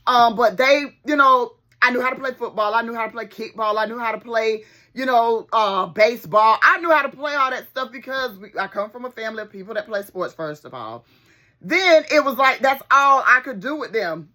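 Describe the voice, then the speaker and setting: A middle-aged woman, telling a childhood story to her viewers in an animated, folksy way. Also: mid-range voice. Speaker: therapist and video host.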